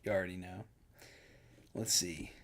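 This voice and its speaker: A man's voice: sits low, fairly even intonation, unhurried, fairly bright tone. A man hosting a live stream, talking casually and loosely with lots of "dude" and "like". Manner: laid-back, chatty, full of fillers like "dude".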